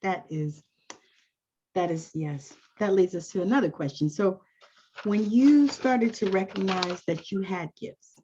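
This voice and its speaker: A woman's voice: mid-range voice, a little slow, slight background noise. A woman hosting an interview, reacting with exclamations and asking follow-up questions. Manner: warmly reactive, exclaims and asks follow-ups. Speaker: host. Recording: dull lo-fi audio.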